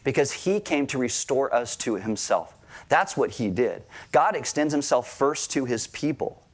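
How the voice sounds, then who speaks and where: At a church service, an adult married pastor addresses the congregation in a chatty way, posing questions to the listeners and making gentle jokes. He has a mid-range voice with lively intonation and speaks a little slowly.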